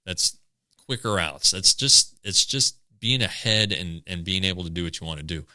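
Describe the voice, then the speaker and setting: A man co-hosting a podcast, chatting casually about a pitcher's numbers, with many halting restarts. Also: expressive, pushed and bright, no room sound. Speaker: podcast co-host. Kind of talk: casual sports chat.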